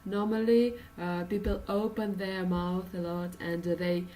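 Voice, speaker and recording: A woman's voice: on the low side, little pitch movement, unhurried, darkish tone, far from the mic, slight background noise, rough recording. A woman from Russia with a Russian accent, teaching an English pronunciation lesson with many uh and um fillers and patient explanations.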